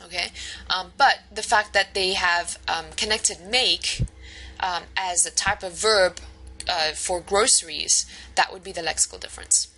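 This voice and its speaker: A woman's voice: fairly low pitch, fairly even intonation, a little slow, bright, forceful tone, soft background music, rough recording. A woman giving a recorded university lecture over slides, explaining patiently with frequent "um" and "okay".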